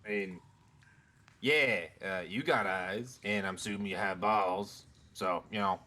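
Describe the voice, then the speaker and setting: A man's voice: on the low side, a little slow, pushed and bright. A man running a tabletop game as game master, chatting casually and joking.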